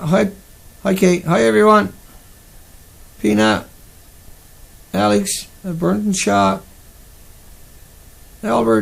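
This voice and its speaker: A man's voice: sits high, gravelly, breathy edge. A man hosting a live stream, talking casually and agitatedly, repeating himself and answering his chat. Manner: agitated, repetitive, talks back to chat.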